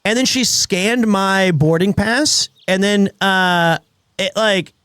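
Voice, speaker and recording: Guy streaming a game, high voice, rambles through stories and keeps restarting. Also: takes it slowly, bright, forceful tone, clear, resonant tone, no echo, studio quality. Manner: rambling anecdotal storytelling with many restarts. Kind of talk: casual live-stream chat while gaming.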